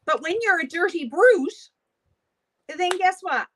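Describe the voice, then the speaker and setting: A woman's voice: sits high, sing-song, a little slow, fairly bright tone, a little hiss or hum. A woman hosting a beauty livestream, chatting casually with viewers while doing her makeup, gossipy and often laughing.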